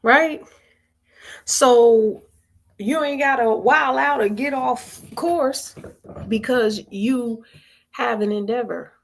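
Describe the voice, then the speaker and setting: Gravelly woman teaching with urging repetition. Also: fairly high pitch, slow pace, long pauses. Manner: conversational and coaxing, repeats phrases, calls on listeners; colloquial and earnest. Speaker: spiritual host leading a weekly vigil. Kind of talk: informal spiritual teaching on a live stream.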